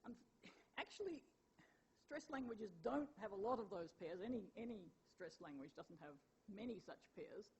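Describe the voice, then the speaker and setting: A woman's voice: medium pitch, animated, normal speed, darkish tone, slightly rough. An older woman lecturing to a hall audience in a conversational way, with restarts, fillers and playful asides. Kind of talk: public lecture. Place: lecture theatre.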